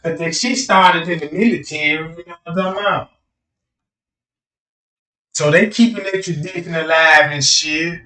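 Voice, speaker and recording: A man's voice: on the high side, moderate pace, pauses often, bright, forceful tone, far from the mic. A man doing a rambling, profane livestream rant, repeatedly asking his listeners whether they know what he's talking about. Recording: roomy echo, speaking away from the mic.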